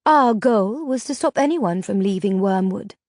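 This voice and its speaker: A woman reader voicing a powerful sorceress who speaks slowly and calmly. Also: mid-range voice, no room sound, clean studio sound, close to an everyday voice. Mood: cool. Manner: slow, calm, measured. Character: calm, cold, powerful older sorceress.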